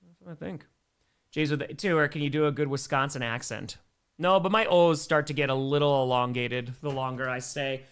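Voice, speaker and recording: Calling plays in a plain announcer style, a fairly high-pitched man with a bright, pushed voice runs a relaxed live stream, chatting with his audience and responding to donation messages between plays.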